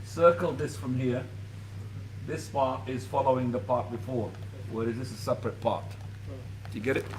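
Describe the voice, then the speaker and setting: A man's voice: mid-range voice, moderate pace, darkish tone, a little hiss or hum. A man teaching a small class, patiently explaining and often asking whether the student understands. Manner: patient, asks checking questions. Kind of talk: classroom lesson. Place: mosque classroom.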